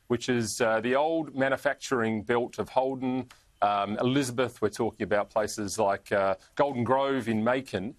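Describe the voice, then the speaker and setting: A man's voice: mid-range voice, dry recording. An Australian man talking as a politician guest in an interview, chatty, chuckling through his stories and trailing off with fillers. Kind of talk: casual interview talk.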